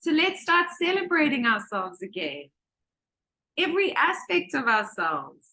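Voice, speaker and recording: A woman teaching a manifestation course to a group on a video call, lively and acting out voices as she talks. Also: sits high, a little slow. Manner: animated, acts out quoted voices. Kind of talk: live online group session.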